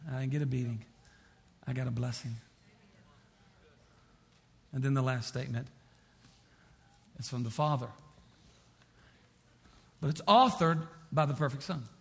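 A man preaching a sermon as pastor, repeating phrases and swinging from quiet to impassioned. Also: mid-range voice, a little slow, vocal fry, long pauses.

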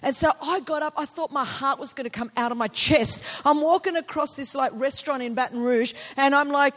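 A middle-aged woman from Australia, a pastor preaching a sermon with personal stories, animated and building to passionate, shouted declarations. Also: sits high, fairly quick, hardly any pauses.

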